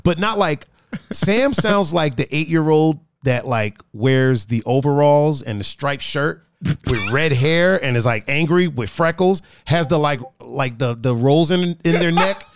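A man's voice: a little high, expressive, unhurried, a little hiss or hum. A man hosting a casual podcast, joking and rambling with restarts as he reads out the live chat.

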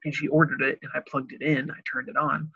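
A husky-voiced young adult man from Illinois talks fast in a relaxed, storytelling chat. He's animated, laughs often, and breaks into high, excited voices, captured on a dry, slightly dull lo-fi recording with no room sound.

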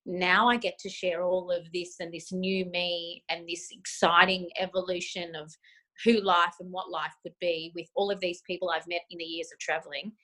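A woman's voice: fairly low pitch, level tone, normal speed, a bit bright. A woman co-hosting a podcast over a remote call from a friend's house, talking in an effusive, emotional, gushing way. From Australia. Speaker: podcast co-host. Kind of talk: casual podcast chat.

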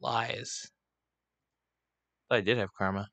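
A man's voice: fairly low pitch, fairly even intonation, slow, gravelly, fairly bright tone, no room sound. Rambling, profane male livestream host. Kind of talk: casual livestream rant. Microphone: desk microphone, not clipped on.

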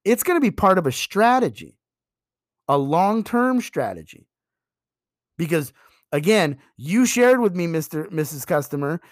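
Animated, emphatic male sales trainer. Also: dry recording, clean studio sound. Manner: emphatic, animated, role-plays pitches to customers.

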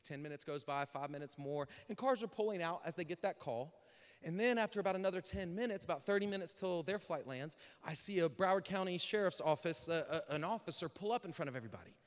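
Animated high-voiced male preacher. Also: fast. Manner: animated, acts out dialogue with shouts. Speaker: pastor. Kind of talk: storytelling sermon. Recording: long hall reverb.

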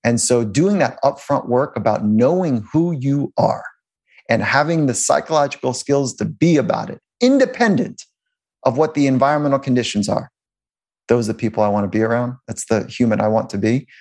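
A man speaks as a sports psychologist in a relaxed interview, his voice sitting in an ordinary middle register. He rambles easily, restarting sentences and laughing softly as he builds his point. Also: mid-range voice, a little fast. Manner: loose and rambling, with frequent restarts and chuckles. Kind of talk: conversational interview storytelling.

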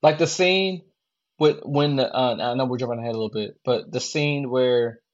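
A man co-hosting a podcast chats loosely about a movie, rambling and restarting his sentences. His voice sits at a middling pitch, and the recording sounds a little dull and lo-fi. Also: normal speed. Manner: rambling, lots of fillers and restarts. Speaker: podcast co-host. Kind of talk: casual movie discussion.

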